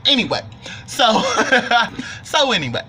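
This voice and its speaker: Bright-voiced young man telling stories. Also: high voice, slow, slight background noise. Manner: animated, joking, profane storytelling. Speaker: vlogger. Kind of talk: storytime monologue.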